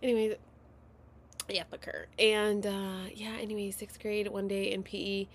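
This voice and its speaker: Animated woman in her thirties, storytime chat. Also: mid-range voice, moderate pace, slight background noise. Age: 30s. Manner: animated, dramatic, profane, drops into whispers. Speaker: vlogger telling a story.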